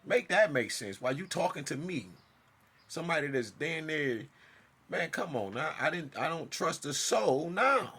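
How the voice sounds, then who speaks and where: A man telling a personal story in a casual monologue, emphatic and swinging from loud outbursts to hushed asides. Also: fairly high pitch, very animated, measured pace, breathy edge. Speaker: storyteller vlogger.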